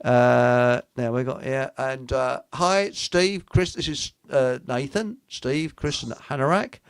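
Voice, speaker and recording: A man's voice: mid-range voice, slow pace, clean tone, dry recording. A man hosting a casual livestream, rambling, joking, swearing and reading out viewer comments. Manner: jokey, rambling, swears, laughs often. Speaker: livestream host.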